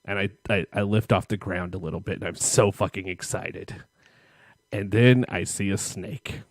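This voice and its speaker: A man with a fairly low voice spins a long, rambling story for his co-host, cursing freely and laughing at himself. The sound is close and dry, with no room around it. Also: steady tone, moderate pace, no echo. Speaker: podcast co-host. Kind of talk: casual storytelling chat.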